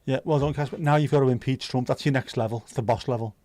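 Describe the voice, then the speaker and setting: A man hosts a casual livestream, talking fast in a warm, steady, mid-range voice. He chats loosely, reads viewer comments aloud, and jokes around while swearing freely.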